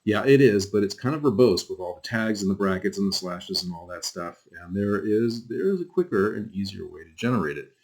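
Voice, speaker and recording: Man, deep low voice, college instructor, casual rambling lecture, lots of ums, keyboard clicks behind. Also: lively intonation, fairly quick, creaky, few pauses, darkish tone. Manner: casual, rambling, with frequent fillers and asides. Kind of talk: screen-recorded lecture.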